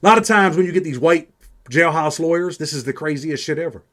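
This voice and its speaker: New guy talking street style, cussing a lot, kinda higher pitched, keeps saying man. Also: quick pace, a bit bright. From New York. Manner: streetwise, profane, peppers speech with "man". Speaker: host. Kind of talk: casual first-person storytelling.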